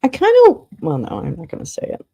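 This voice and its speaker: A woman's voice: sits high, huge pitch swings, fairly quick, warm tone. A woman hosting a casual livestream, talking to her chat, humming to herself, swearing and getting flustered while she searches for something. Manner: flustered and confused, talks to chat. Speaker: livestream host.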